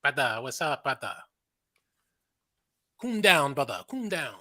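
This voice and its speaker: A man's voice: mid-range voice, very animated, measured pace, crowd noise. A man hosting a casual online panel, chatty and joking with callers. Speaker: panel host.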